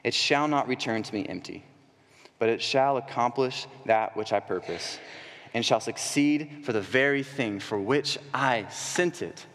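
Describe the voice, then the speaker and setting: A man's voice: medium pitch, measured pace, fairly bright tone. A man preaching a sermon to a church congregation, asking rhetorical questions and building to emphatic peaks. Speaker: young adult coordinator preaching. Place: church sanctuary. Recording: long hall reverb.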